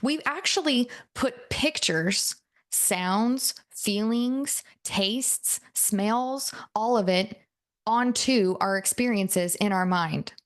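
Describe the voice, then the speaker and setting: A woman's voice: medium pitch, slow pace. A woman giving a live coaching talk to an audience, telling stories in a chatty way and often checking in with the listeners. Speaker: NLP and hypnosis coach.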